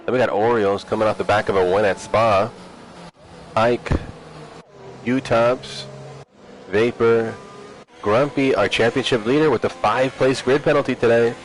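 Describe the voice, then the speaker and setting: A man commentating an online sim racing league, relaxed and chatty with a teasing edge. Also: mid-range voice, moderate pace, pauses often, a little hiss or hum. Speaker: race commentator.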